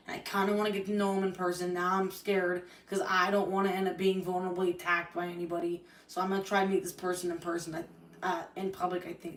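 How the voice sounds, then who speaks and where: A woman's voice: on the low side, far from the mic. A young adult woman on a live stream, ranting in a heated, profane and rambling way. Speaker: livestreamer. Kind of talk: angry live-stream rant. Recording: roomy echo, voice off-mic.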